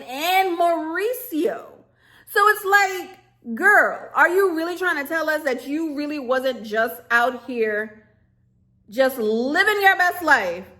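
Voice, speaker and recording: Woman vlogger on a camera mic, sassy casual rant, fairly high voice, quick laughs. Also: bright, forceful tone. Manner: sassy, emphatic, often laughing. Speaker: vlogger reviewing a reality show.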